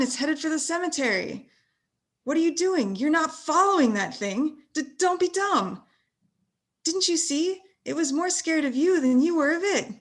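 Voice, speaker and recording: High-voiced woman reading slowly. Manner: expressive read-aloud with character voices. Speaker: author reading her book. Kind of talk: reading a graphic novel aloud.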